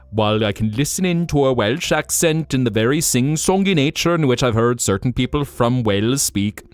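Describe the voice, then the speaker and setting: A man streaming as a VTuber, chatting casually with his live chat in a playful, teasing way with joking mock denials. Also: lowish voice.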